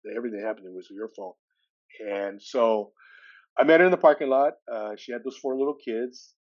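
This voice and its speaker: A man in his sixties, a podcast guest from California, telling a personal story with animated delivery. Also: mid-range voice, fairly quick, lo-fi sound. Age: 60s. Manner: animated storyteller who acts out dialogue with shifting voices.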